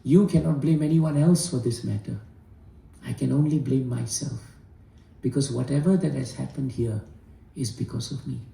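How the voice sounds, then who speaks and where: A man telling a devotional story in an earnest, deliberate way, voicing the characters' words within his own telling. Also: medium pitch, vocal fry, mellow, roomy sound, recorded from a distance, rough recording. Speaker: spiritual storyteller.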